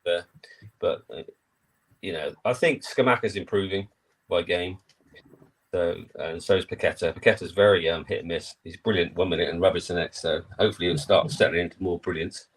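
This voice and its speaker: A fast-talking man with a lowish voice. He is a West Ham fan chatting about football, upbeat and plain-spoken. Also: fairly even intonation, slightly rough, rough recording. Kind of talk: casual football chat.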